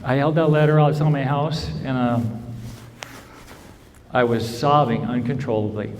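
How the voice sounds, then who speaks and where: A man's voice: fairly high pitch, a little fast, a little mellow. A man telling his own recovery story to a convention crowd, in earnest storytelling with frequent "right?" checks. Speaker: recovery speaker. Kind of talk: personal testimony talk. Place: large convention hall. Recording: convention hall with long reverb.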